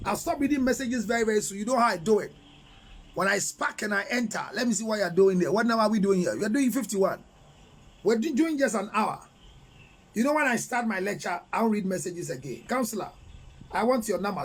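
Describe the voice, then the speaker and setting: Man, Ghanaian accent, relationship counselor, high voice, preachy, animated. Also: brisk, slightly rough, poor audio. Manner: animated, preachy, mixes English and Twi, reads viewer comments. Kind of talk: live-streamed advice talk.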